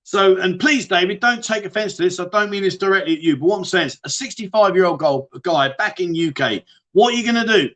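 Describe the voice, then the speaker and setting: Chatty high-voiced British man, livestream host. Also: lively intonation, fairly quick, a bit bright. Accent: British English. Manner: chatty, matey, addresses viewers as mate. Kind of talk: casual livestream chat reading viewer questions.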